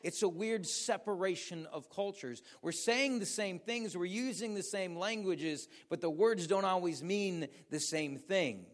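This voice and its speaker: An American pastor with a notably high voice preaches to his congregation. He tells stories with energy and keeps turning to the audience with questions. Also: a little slow, hardly any pauses. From United States. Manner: animated storytelling, asks the audience questions. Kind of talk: sermon.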